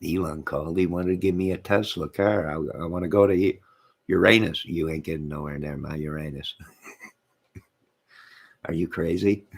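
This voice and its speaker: A man hosting his own channel, rambling to his live chat, reading out comments and laughing to himself. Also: low-pitched. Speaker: channel host.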